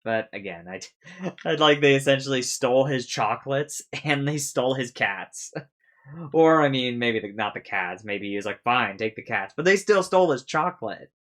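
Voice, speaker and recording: A man's voice: medium pitch, expressive, normal speed, fairly bright tone. A man giving a casual recap of a TV episode, rambling with lots of fillers, swearing freely and laughing at his own jokes. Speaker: reaction video host.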